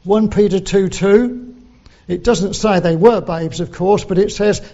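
A man preaching a sermon, slow and deliberate, quoting scripture in old English. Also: sits high, dark tone, muffled recording.

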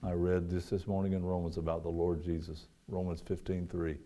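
Male preacher, fairly low voice, dynamic sermon delivery with loud peaks and soft asides. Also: level tone, fairly quick, few pauses.

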